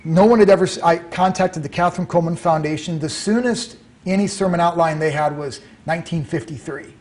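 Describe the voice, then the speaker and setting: This is a middle-aged man recounting a personal story in an interview. His voice sits a little high for a man. He tells it animatedly and slips into the voices of the people he quotes. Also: fairly quick, darkish tone. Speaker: author and guest.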